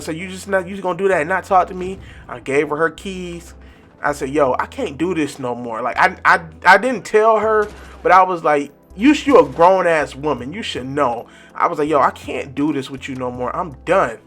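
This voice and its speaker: A young man telling a casual, profane storytime, animated and repeating lines for effect. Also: fairly high pitch. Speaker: vlogger.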